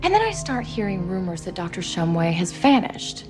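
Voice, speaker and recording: A scornful accuser. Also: female voice, fairly low pitch, sing-song, moderate pace, music in the background. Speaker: film character. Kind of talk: film dialogue.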